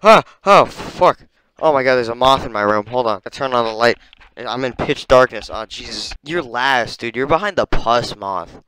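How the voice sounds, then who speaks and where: A young man doing casual reaction commentary from his bedroom, excitable and swearing, swinging between low mumbles and loud disbelief. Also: slight background noise. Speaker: streamer ranking animals.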